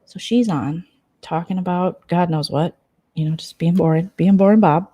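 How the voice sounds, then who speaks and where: Husky, mellow-voiced woman vlogger gossiping. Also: lowish voice, moderate pace. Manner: gossipy, sarcastic, drops into whispers. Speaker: vlogger host. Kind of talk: late-night casual gossip chat. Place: at home at night.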